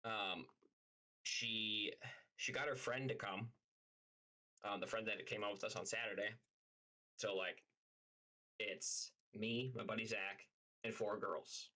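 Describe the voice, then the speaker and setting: Young guy ranting thru a story, swears a ton, says like constantly, lowish voice w a sharp bright edge. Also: fairly even intonation, slow, long pauses, low-quality recording. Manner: profane, rambling, heavy use of "like". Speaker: streamer. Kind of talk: casual storytelling.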